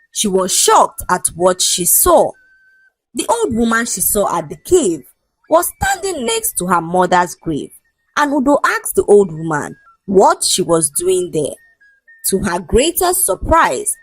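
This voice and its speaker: A woman narrating a folk tale in an expressive storytelling manner, her pitch rising and falling across each sentence. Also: slightly rough, no echo, poor audio.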